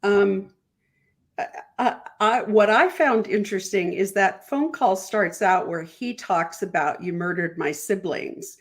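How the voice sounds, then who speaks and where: Slow-speaking woman attorney. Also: medium pitch. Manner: measured, explains with analogies, some stammered restarts. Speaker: attorney guest. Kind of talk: legal commentary on a podcast.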